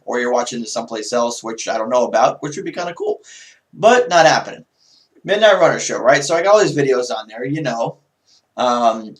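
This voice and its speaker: A man with a fairly high voice hosts his own online talk show. His pitch swings widely as he rambles and jokes sarcastically through the news. It sounds like a casual solo monologue into a home mic. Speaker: YouTube talk show host. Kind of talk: casual political commentary monologue.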